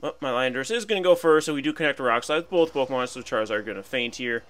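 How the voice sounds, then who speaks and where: Young guy narrating his game match, bright forceful voice, chatty and jokey, faint music behind. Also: mid-range voice, expressive, racing. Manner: chatty, thinks aloud, playful asides. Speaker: gaming commentator. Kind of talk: casual game commentary.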